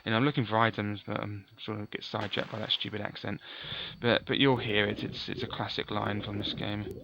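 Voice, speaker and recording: A man's voice: on the low side, fairly even intonation, a little fast, gravelly, few pauses, bright, forceful tone, muffled recording, a little hiss or hum. A man giving chatty, offhand let's play commentary, often correcting himself. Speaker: gaming commentator.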